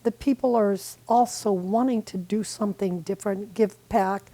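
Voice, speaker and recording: A woman in her eighties talks as a guest in a local TV studio. Her voice is mellow and dark. She chats warmly and rambles, with small restarts and fillers. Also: mid-range voice, moderate pace, poor audio. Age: 80s. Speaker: community volunteer guest. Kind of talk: casual interview chat.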